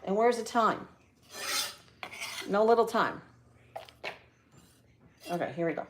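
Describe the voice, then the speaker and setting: A woman's voice: mid-range voice, lively intonation, slow, a little hiss or hum. A middle-aged woman chatting casually to viewers while cooking in her home kitchen. She rambles with lots of fillers and asides. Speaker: cooking vlogger on a live stream.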